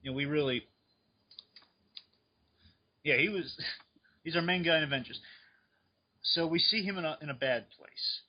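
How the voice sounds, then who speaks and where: A man in casual chat on a fan podcast, excitedly rambling through his speculation. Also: fairly high pitch, normal speed, pauses often, breathy edge. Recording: dull lo-fi recording.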